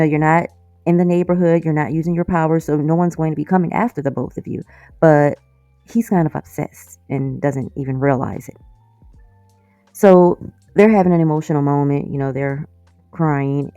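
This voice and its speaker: A woman with a low, mellow voice recaps a TV episode in a loose, chatty way. She breaks in with animated, exasperated asides and laughs often. The sound is dry and close, with faint music underneath. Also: no room sound. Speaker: series reviewer.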